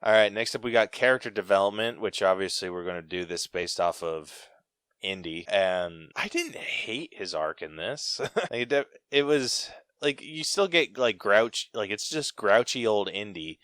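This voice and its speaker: A man's voice: on the low side, normal speed, fairly bright tone, clean tone, no echo, clean studio sound. A young man hosting a podcast, telling a story in a casual, rambling way full of filler words. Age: young adult. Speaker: podcast host. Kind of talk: casual chat.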